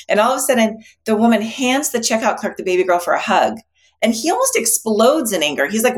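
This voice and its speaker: A woman's voice: medium pitch, expressive, brisk. A woman psychologist as an interview guest, speaking reflectively and telling a story. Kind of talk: interview conversation.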